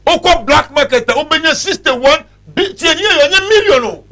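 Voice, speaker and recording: A Ghanaian man on a talk show, ranting and agitated, switching between Twi and English. His voice sits very high and leaps up and down in pitch. The tone is bright and forceful. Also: expressive, moderate pace. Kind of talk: heated studio talk show rant.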